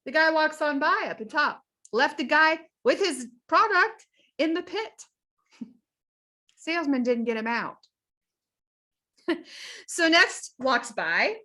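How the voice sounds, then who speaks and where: A woman health coach speaking with an energetic, folksy delivery. Her voice is high and bright, and her tone is forceful as she encourages listeners. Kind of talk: motivational talk.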